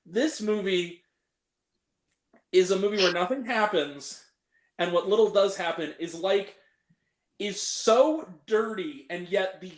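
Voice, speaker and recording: A man's voice: high-pitched, takes it slowly, long pauses, reverberant. A young man hosting a casual film review chat, ranting and swearing freely as he picks apart the movies he hated. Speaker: host.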